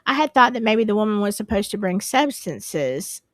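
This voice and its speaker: A woman's voice: mid-range voice, sing-song, normal speed, no room sound, studio quality. A woman hosting a live stream, chatting casually and apologizing in a flustered, rambling way. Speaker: livestream host.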